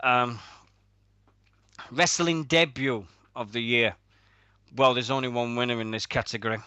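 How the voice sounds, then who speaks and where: A British man with a bright, forceful voice co-hosts a radio show in loose, sweary banter and laughs at his own stories. He is recorded up close and dry, with no room sound. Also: mid-range voice, fairly even intonation, unhurried, smooth, dry recording. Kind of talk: casual podcast banter.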